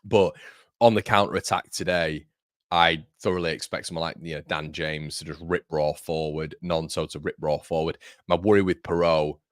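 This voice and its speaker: A man's voice: a bass voice, fairly even intonation, moderate pace, no room sound, clean studio sound. A young man hosting a live fan watchalong, chatting casually and reading viewer comments aloud in a matey way. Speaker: fan channel host. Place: home studio.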